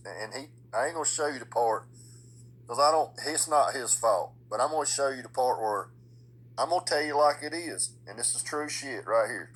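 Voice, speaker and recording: A man's voice: medium pitch, a bit bright, poor audio. A man from the South, ranting to the camera outdoors on his street, swearing constantly in a blunt, heated way. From Midland, US South. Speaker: vlogger. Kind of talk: angry profane rant to camera.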